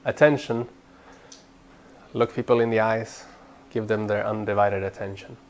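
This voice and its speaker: A man teaching a training class in an earnest way, repeating words as he builds a point and growing animated when he urges people on. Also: fairly low pitch, unhurried, highs cut off, a little hiss or hum. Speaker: Bible study trainer.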